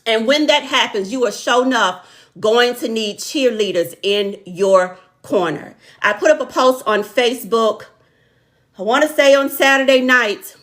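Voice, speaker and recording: A middle-aged woman hosts a live talk for her online viewers. Her voice sits a little high and rings very bright as she builds her points like a sermon, repeating key lines and greeting people by name. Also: unhurried. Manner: warm, preacher-like, repeats lines for emphasis, calls out viewers by name.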